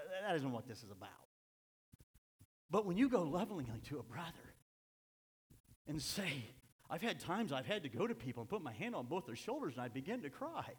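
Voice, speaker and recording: A man preaching a sermon, swinging between impassioned shouts and hushed, quiet stretches. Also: on the high side. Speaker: pastor. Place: church sanctuary. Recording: echoey hall reverb.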